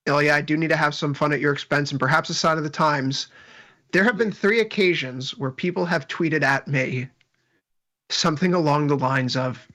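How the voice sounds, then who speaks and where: A man's voice: fairly high pitch, bright, forceful tone. A man commenting on the markets in a casual, rambling chat with wry joking asides.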